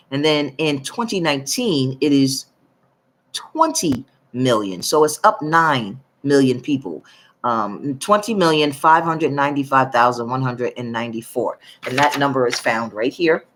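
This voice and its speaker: A woman from the northern United States, talking to her channel in a loose, rambling way as she reads out figures, with many pauses and self-corrections. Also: low voice. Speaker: YouTube commentator. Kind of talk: casual monologue reading from documents.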